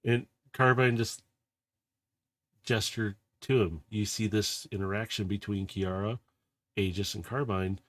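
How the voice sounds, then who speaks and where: A man's voice: on the low side, steady tone, a little slow, dry recording. A man narrating as the game master of a tabletop game, rambling with many fillers and laughing often.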